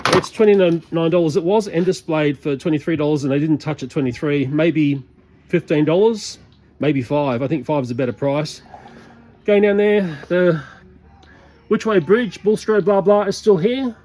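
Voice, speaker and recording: Casting: higher-voiced male vlogger, chatty, exasperated exclamations. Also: moderate pace, a little mellow. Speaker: toy collector vlogger. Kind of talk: casual vlog chat.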